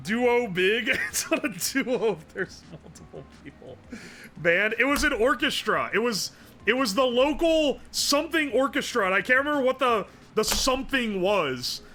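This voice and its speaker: A man's voice: very high-pitched, lively intonation, moderate pace, pushed and bright. A man streaming live, chatting casually and profanely as he rambles and answers his chat.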